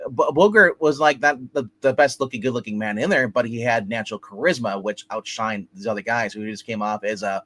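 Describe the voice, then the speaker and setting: A man's voice: mid-range voice, a bit bright. Rambling man in casual film chat. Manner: rambling, halting, many restarts and fillers. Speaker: movie review show co-host. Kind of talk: casual movie review discussion.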